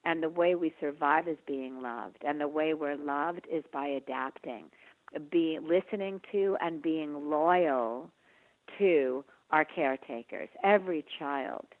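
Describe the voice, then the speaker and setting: A middle-aged woman speaks slowly and gently, pausing often as she reflects. Her voice sits a little low. The sound is thin and tinny, like a phone line. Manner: slow, gentle, soft-spoken, with many pauses. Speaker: author and guest on a health podcast. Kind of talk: reflective interview answers.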